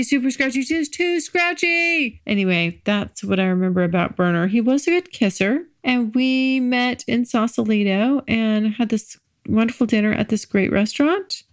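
A woman's voice: fairly high pitch, no echo, clean studio sound. A woman hosting her own podcast, talking frankly and chattily in a casual solo monologue, laughing easily. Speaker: podcast host.

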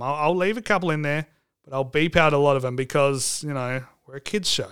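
A man's voice: fairly high pitch, a bit bright, smooth. A man hosting a comedic podcast, joking and irreverent and swearing freely. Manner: joking, irreverent, mock phone call, swears. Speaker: podcast host.

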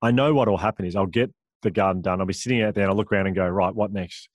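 A man, a guest author, telling lively stories full of quoted dialogue in a casual interview. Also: low-pitched, no room sound, studio quality. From Australia. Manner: animated storyteller, quick asides and quoted dialogue.

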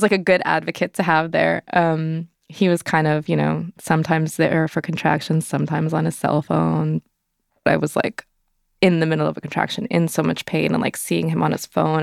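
A woman's voice: fairly low pitch, vocal fry, no room sound, clean studio sound. A young adult woman telling her personal story as an interview guest, candid and conversational, full of fillers. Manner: conversational, many fillers, acts out quoted voices.

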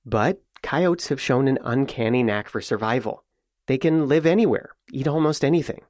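A male radio reporter narrates a scripted feature in a measured, steady voice. His voice sits mid-range, and the close mic gives a dry, dead studio sound. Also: medium pitch, dry recording. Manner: measured, even storytelling delivery.

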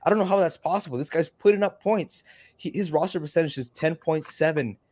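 A man co-hosting a podcast in an animated, emphatic way, chatting and hyping his picks. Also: on the high side, fairly quick. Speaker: podcast co-host. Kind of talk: casual fantasy football chat.

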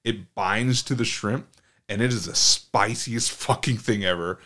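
A man's voice: on the low side, unhurried. A man co-hosting a casual chat podcast, telling funny food stories with lots of swearing and laughter. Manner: animated storytelling, swears often, laughs a lot. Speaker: podcast co-host.

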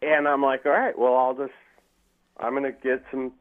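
A man's voice: medium pitch, little pitch movement, moderate pace. A man telling rambling, profane stories as a guest in casual chat, acting out quotes with lots of swearing. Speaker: podcast guest. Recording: tinny phone-like line.

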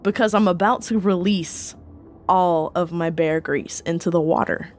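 A woman playing a tabletop game, playful and animated. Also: lowish voice, moderate pace, a little hiss or hum. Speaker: player. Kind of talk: casual tabletop game play.

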